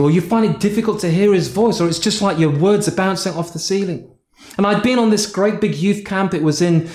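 Guy from north yorkshire giving a sermon, pretty high voice, storytelling, echoey room. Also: darkish tone. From North Yorkshire, England. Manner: storytelling, acts out his own prayers in a raised, exasperated voice. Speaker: pastor.

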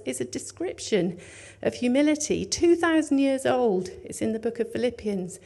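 A woman preaching a sermon in an earnest, conversational way, dropping to hushed tones and rising for emphasis. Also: on the high side, lively intonation, moderate pace, gravelly.

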